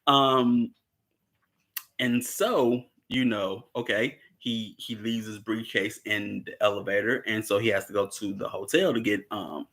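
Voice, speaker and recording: Man, casual film recap, bright forward tone, rambling delivery, frequent chuckles. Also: lowish voice, steady tone, a little slow. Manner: rambling, chuckles often, acts out characters' lines. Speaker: movie discussion participant.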